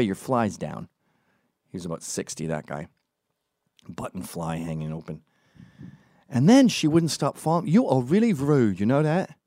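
A man vlogging into his own camera in an animated, profane rant, mimicking the people he talks about. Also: sits low, no room sound, clean studio sound. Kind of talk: ranting monologue to camera.

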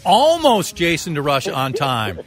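A man's voice: medium pitch, lively intonation, moderate pace, fairly bright tone, faint music behind. A middle-aged man hosting a radio show, chatting casually in a studio, easygoing and self-mocking, tossing out open questions.

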